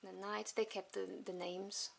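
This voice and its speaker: A woman casually reviewing a tarot deck at home, chatty and enthusiastic, with soft asides as she flips through the cards. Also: mid-range voice, level tone, measured pace, gravelly. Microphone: camera on tripod. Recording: noisy home recording with clicks.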